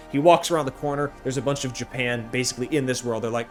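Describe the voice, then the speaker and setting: A man giving a casual, sarcastic anime review with big jumps in pitch. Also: lively intonation, fast talker, soft background music. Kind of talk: casual commentary.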